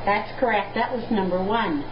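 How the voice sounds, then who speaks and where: A woman music teacher, giving a slow, patient, clearly spoken lesson. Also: medium pitch, background noise. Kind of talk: recorded classroom lesson. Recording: echoey, dull lo-fi room recording.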